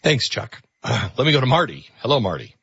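A man's voice: mid-range voice, normal speed, husky, no echo. A man hosting a call-in radio show, talking earnestly with frequent restarts. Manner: earnest, animated, with repeated restarts. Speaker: radio talk show host. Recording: slightly muffled radio studio audio.

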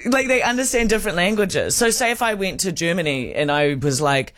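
Male co-host, playful and giggly, dry close sound, lively pitch. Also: a little fast, hardly any pauses, no room sound. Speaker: radio co-host. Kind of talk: casual on-air banter.

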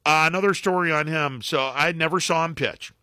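A middle-aged former baseball broadcaster telling anecdotes as a guest, with halting restarts and acted-out quotes. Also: male voice, fairly high pitch, dry recording. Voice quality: halting, many restarts and fillers. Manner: acts out quotes in animated anecdotes. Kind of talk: casual phone-in storytelling.

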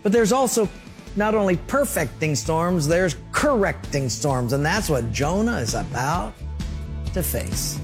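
A man's voice: a little high, sing-song, measured pace, soft background music. A man preaching a sermon, telling stories and acting out short voices and sound effects. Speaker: pastor.

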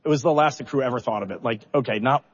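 A middle-aged spacecraft commander recounts stories during a public interview, lively and self-mocking, acting out how he reacted and sometimes fighting back tears. His voice sits at medium pitch with a breathy edge, delivered rapid-fire, and the high frequencies are cut off.

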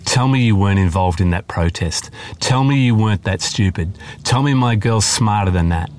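A man's voice: lowish voice, moderate pace, natural voice. A man reading a stubborn, doting dad. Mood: dismayed. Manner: soothing then exasperated. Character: fond, stubborn middle-aged father.

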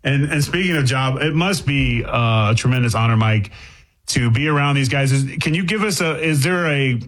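A man's voice: mid-range voice, moderate pace, fairly bright tone, rough recording. A man from Boston hosting a casual radio interview, asking loose, restarting questions. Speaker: radio host.

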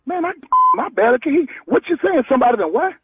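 A man on a phone call, loud and exasperated, swearing as he argues. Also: very high-pitched, very animated, fast talker, husky, no echo. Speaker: prank call target. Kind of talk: phone conversation.

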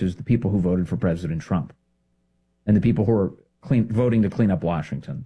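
A male commentator delivers an indignant monologue, pushing his words with emphasis. His pitch swoops widely, and his voice is warm and slightly husky. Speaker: political commentator host.

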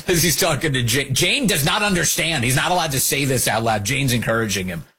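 A lively man hosts a political talk show, mocking the people he talks about. His voice is bright and forward with a husky edge. He swings his pitch widely as he makes his points. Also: normal speed. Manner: animated, mocking, acts out quotes. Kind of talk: opinionated political commentary.

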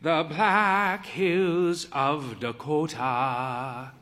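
A man's voice: a little high, lively intonation, slow, pushed and bright, full character voice. A man reading a story, voicing a slight, fey man in late middle age who speaks in a dry, wry way. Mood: wry, playful.

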